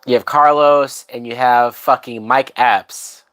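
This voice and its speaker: A man's voice: medium pitch, steady tone, a little slow, a bit bright. A drunk man hosting a livestream, giving casual movie commentary in a rambling, profane way that trails off mid-thought. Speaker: livestream host.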